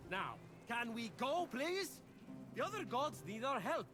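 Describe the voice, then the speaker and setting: High-voiced, bouncy trickster god for a game; cheeky and teasing. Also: male voice, sing-song, a little slow, over music, full character voice. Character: playful trickster male god messenger.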